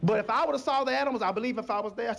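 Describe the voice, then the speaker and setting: A man's voice: very high-pitched, very fast, vocal fry. A male pastor preaching a sermon in church, acting out little scenes and calling on the congregation. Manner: animated, acts out voices and call-and-response. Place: church sanctuary.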